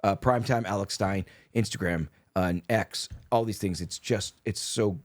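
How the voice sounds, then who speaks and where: A man's voice: on the low side, moderate pace. A man from Wisconsin, co-hosting a podcast and telling rambling, chummy anecdotes. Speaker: co-host. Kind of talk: casual podcast chat.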